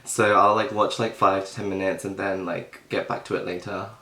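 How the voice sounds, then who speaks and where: In an echoey room, a young male mukbang vlogger chats casually while he eats, rambling with lots of fillers and talking through mouthfuls of food. His voice is deep and bright with a forceful tone, holding a fairly steady pitch at a normal speed.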